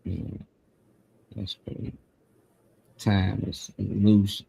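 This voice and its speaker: A man co-hosting a live morning show in a relaxed, slang-heavy casual chat. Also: fairly low pitch, extremely slow, gravelly, slightly rough, no room sound. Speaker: co-host.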